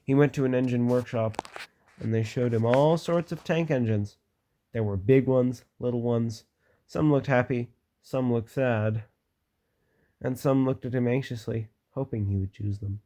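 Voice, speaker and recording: A man's voice: mid-range voice, warm tone. Man reading a children's book aloud. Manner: plain, unhurried reading with casual asides. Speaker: reader.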